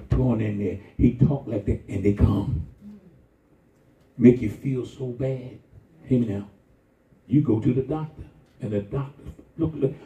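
An older man preaching a sermon in a colloquial, animated style with sudden high-pitched exclamations. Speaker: pastor. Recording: echoey, distant, dull sound.

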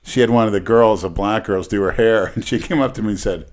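Deep-voiced man telling crude stories. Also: fast. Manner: rambling, crude, laughs through stories. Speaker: guest. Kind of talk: casual storytelling.

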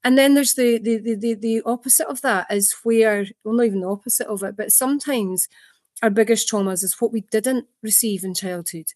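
A woman therapist talks through her ideas in an interview, with lively storytelling and acted-out quotes. Her voice sits a little high, and the close recording is dry with no room echo. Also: a little fast. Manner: animated storytelling, acts out quotes, many restarts. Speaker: trauma therapist. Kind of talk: interview, explaining at length.

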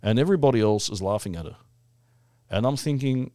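A middle-aged man from Melbourne, co-hosting a casual podcast chat and telling stories with lively quoted voices. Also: mid-range voice, a little fast, no room sound, clean studio sound. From Melbourne, Australia. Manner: animated storyteller, lively put-on voices for quotes. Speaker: podcast co-host.

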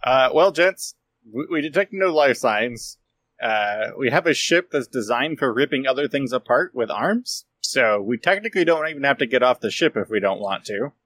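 A man's voice: medium pitch, lively intonation, normal speed, a bit bright. A man playing a tabletop game as a ship's captain, asking questions and thinking aloud. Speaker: player, ship captain. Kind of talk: casual tabletop game play.

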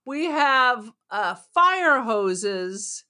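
A woman's voice: fairly high pitch, big pitch swings, extremely slow, sharp tone. A woman co-hosting a podcast, chatting casually about a film with a wry, joking manner. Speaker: podcast co-host. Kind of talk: casual movie review chat.

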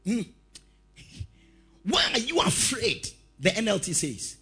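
A male preacher giving a lively sermon, telling stories, shouting out quotes and laughing as he goes. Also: high-pitched, takes it slowly, slightly rough, soft background music.

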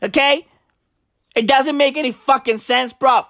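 A man's voice: very high-pitched, measured pace, pauses often, pushed and bright, no room sound, clean studio sound. A man ranting in a comic commentary vlog, mocking and emphatic, repeating himself and swearing freely. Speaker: commentary vlogger. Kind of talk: profane comic rant.

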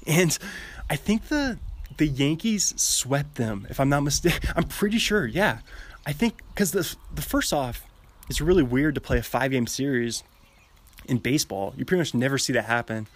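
This young podcast host talks on his own in a wandering, giggly way, breaking off his own thoughts as he strolls through an outdoor gazebo during a light drizzle. His medium-pitched voice is expressive and moves at a moderate pace.

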